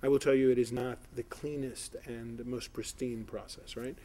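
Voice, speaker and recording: A man's voice: medium pitch, flat delivery, normal speed, mellow, slight background noise. A middle-aged man from South Florida, a political candidate answering questions in an editorial board interview, rambling with many fillers and restarts.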